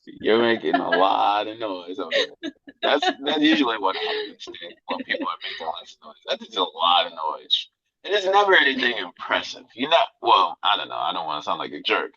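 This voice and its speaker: A man's voice: deep voice, wildly swooping pitch, fairly quick, dull audio, crowd noise. A man co-hosting a casual podcast, rambling with laughs and slipping into mock voices, with a slightly nasal voice. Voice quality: a little nasal. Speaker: podcast co-host.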